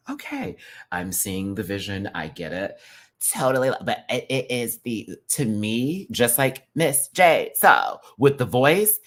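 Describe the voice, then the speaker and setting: Animated man ranting with big swings. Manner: animated, swings from loud outbursts to low asides; playful drag slang, profanity. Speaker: show reviewer. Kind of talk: excited casual review rant.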